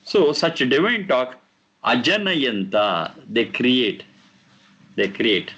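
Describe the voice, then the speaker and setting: A man teaching a class on scripture, explaining verses slowly and repeating the recited lines. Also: mid-range voice, big pitch swings, dull audio, noisy background. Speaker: teacher of Vedic texts.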